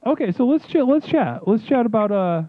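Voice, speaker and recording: A man hosts a comedic call-in stream with a deadpan, mock-guru delivery. His voice sits somewhat high for a man. The sound is tinny and phone-like, with faint music playing behind. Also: a little fast. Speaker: livestream host.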